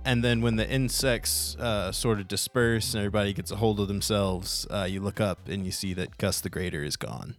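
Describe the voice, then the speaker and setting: A man narrating as game master in a tabletop game, relaxed, with fillers and restarts. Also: lowish voice, fairly quick, hardly any pauses, soft background music.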